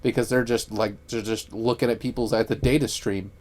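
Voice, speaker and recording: A man's voice: on the low side, steady tone, fairly quick, a little mellow. A man co-hosting a casual podcast, rambling and profane, with lots of fillers. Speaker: podcast co-host. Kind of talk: casual chat.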